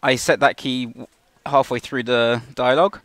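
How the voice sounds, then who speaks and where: A man's voice: medium pitch, level tone, moderate pace, fairly bright tone, no room sound. A man casually talking through an animation shot as a tutor, restarting sentences as he explains. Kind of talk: live tutorial walkthrough.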